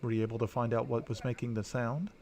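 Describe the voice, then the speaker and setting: Man voicing a gentle, worried young companion woman, hesitant and kind, gravelly. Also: medium pitch, flat delivery, fast talker, a little hiss or hum, lightly acted. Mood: concerned.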